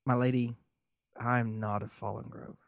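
A man voicing an urgent high elf man who speaks in a formal, solemn way. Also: level tone, a little slow, gravelly, no echo, studio quality. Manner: solemn and formal, turning frantic.

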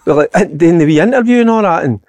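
A middle-aged Scottish man chatting casually about football as a podcast co-host, telling stories in a lively, proud way. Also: sits high, quick pace, dry recording.

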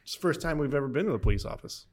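A man's voice: on the high side, lively intonation, very fast, a little mellow. A man co-hosting a podcast in casual chat, wry, chiming in with jokes and comparisons. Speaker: podcast co-host.

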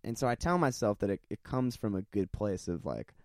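A man's voice: lowish voice, sing-song, brisk, darkish tone, no room sound. Dry, rambling self-deprecating man. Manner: rambling, self-deprecating, laughs often, swears. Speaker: podcast co-host. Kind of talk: casual chat.

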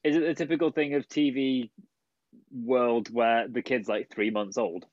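A man's voice: medium pitch, steady tone, moderate pace, a little mellow, dry recording. A man on a casual podcast who questions the story in disbelief and swears freely. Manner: incredulous, sweary, poking holes in the story. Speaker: podcast co-host. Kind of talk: casual chat. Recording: dry, dull lo-fi mic.

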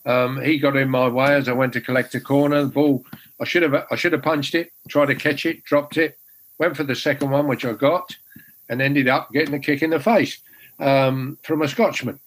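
A man's voice: mid-range voice, fairly even intonation, normal speed, low-quality recording. An older man, a former goalkeeper telling rambling, self-deprecating stories with many restarts. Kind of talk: casual anecdote telling.

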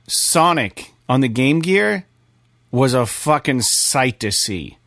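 A man co-hosting a gaming podcast, talking casually and excitedly, swearing often and rambling. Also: medium pitch, slow, gravelly, no room sound, clean studio sound. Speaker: podcast co-host.

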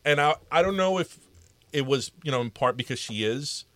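A man's voice: fairly high pitch, expressive, normal speed, a bit bright, no room sound. A man hosting a podcast, chatting casually with his guest and dropping in Spanish phrases. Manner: conversational, mixing in Spanish phrases. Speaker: podcast host. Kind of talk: casual interview chat.

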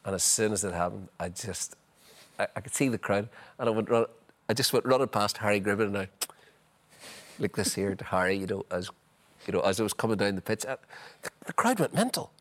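A middle-aged man, a former footballer telling lively anecdotes as a guest, full of "you know". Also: lowish voice, a little fast. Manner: chatty, leans on "you know", acts out scenes. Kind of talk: animated anecdotal storytelling.

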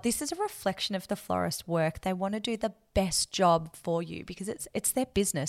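A woman's voice: mid-range voice, a little fast, few pauses. A woman hosting a wedding planning podcast, giving emphatic, blunt advice in a casual chat.

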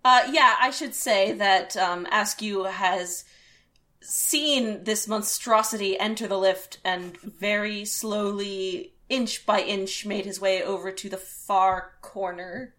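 A woman's voice: medium pitch, steady tone, slow, pushed and bright. A woman playing a tabletop role-playing game, describing her character's actions in a hesitant, thoughtful way. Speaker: player.

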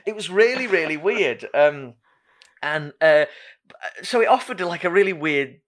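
Chatty man, lively pitch. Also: unhurried. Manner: chatty, self-deprecating, many fillers. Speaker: podcast host. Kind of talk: casual chat.

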